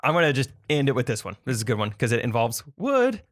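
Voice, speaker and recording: A man's voice: mid-range voice, sing-song, fast, dry recording, studio quality. A young man co-hosting a podcast, reading out odd phrases and quizzing his co-host in casual, comedic chat, laughing often.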